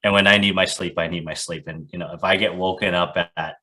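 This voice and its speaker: A man's voice: low voice, fairly even intonation, quick pace, sharp tone. A man talking candidly as a new father on a casual podcast, self-deprecating and chuckling.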